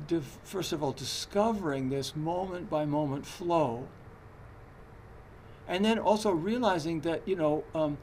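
Zen teacher, conversational and hesitant. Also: male voice, fairly high pitch, unhurried, a little mellow, a little hiss or hum. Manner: conversational, hesitant, frequent fillers and restarts. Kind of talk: dharma talk.

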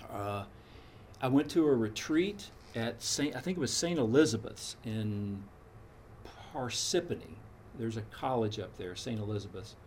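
A man's voice: mid-range voice, a little hiss or hum. A man in his sixties telling a frank personal story in a casual, meandering, reflective way. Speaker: storyteller recounting his path to meditation.

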